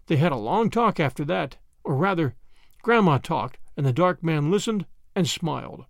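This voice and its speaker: A man reading a storybook aloud in an expressive, animated storytelling manner, close to the mic. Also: on the high side, moderate pace, creaky, no echo. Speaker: audiobook narrator. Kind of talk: scripted storybook narration.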